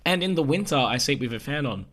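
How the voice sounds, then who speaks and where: A man co-hosting a podcast, chatting casually with blunt, sweary, deadpan quips. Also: mid-range voice, fast talker, breathy edge. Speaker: podcast co-host. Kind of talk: casual chat.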